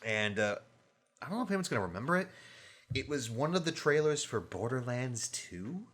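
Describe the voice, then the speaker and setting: A man's voice: medium pitch, very animated, normal speed, a bit bright. A man co-hosting a casual podcast chat, joking and laughing often. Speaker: podcast co-host.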